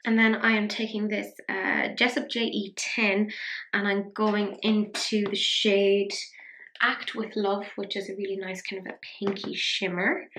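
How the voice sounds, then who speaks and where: A woman's voice: mid-range voice, fairly even intonation, moderate pace, a bit bright, reverberant. A young woman chatting casually through a makeup tutorial, self-mocking, sometimes dropping to a whisper as she works. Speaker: beauty vlogger.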